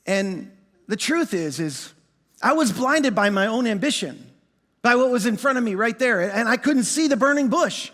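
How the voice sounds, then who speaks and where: A middle-aged male pastor telling a story in a sermon, animated and self-mocking, then dropping into quiet reflection. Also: very high-pitched, moderate pace. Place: large church auditorium. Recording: long hall reverb.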